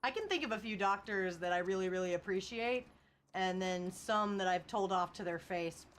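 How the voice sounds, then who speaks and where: A woman's voice: medium pitch, normal speed, slight background noise. A young woman chatting casually on a livestream, laughing often and reading chat aloud. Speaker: streamer.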